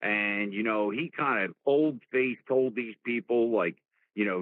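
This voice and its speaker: A man's voice: medium pitch, unhurried, dry recording. New Jersey male host, rambling and heated, phone-quality audio. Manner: animated, rambling, repeats words. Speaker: talk show host. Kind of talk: casual political talk. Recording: dry tinny phone-like sound.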